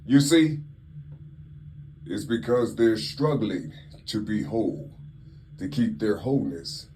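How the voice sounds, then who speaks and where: A man giving a slow spiritual monologue, asking drawn-out rhetorical questions and repeating "you see" constantly. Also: fairly low pitch, dark tone, a little hiss or hum. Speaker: spiritual teacher.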